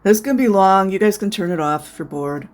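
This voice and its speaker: Vlogger talking over clips, sarcastic and fired up, mid-pitch voice, kinda choked up. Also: lively intonation, quick pace, heavy background noise. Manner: sarcastic and indignant; emotional, close to tears. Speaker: video commentator. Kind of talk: casual commentary over footage.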